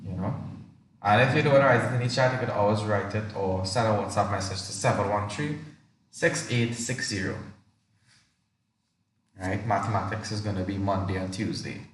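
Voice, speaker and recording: A man's voice: fairly low pitch, moderate pace, a little hiss or hum. A male teacher running an online exam revision class, asking students many questions and reading sentences aloud to show intonation. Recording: echoey room, distant mic.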